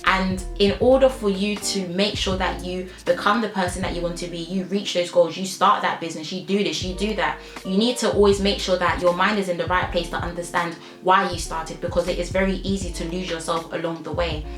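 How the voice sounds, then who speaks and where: A woman's voice: on the low side, fairly even intonation, a little fast, few pauses. A young woman, talking to camera in an emotional vlog, heartfelt and emphatic, often laughing through tears. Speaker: YouTuber. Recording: echoey room with faint music.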